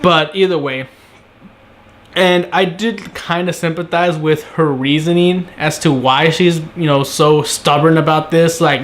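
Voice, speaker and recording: A young man giving a casual solo review of a TV episode, talking conversationally and acting out characters' lines in quick asides. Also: fairly high pitch, steady tone.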